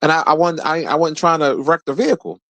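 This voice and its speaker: A man in his forties telling a rambling, profane story in a casual rant, his voice jumping high whenever he quotes someone. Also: quick pace, no room sound. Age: 40s. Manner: profane, animated, jumps high when quoting people. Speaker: streamer host.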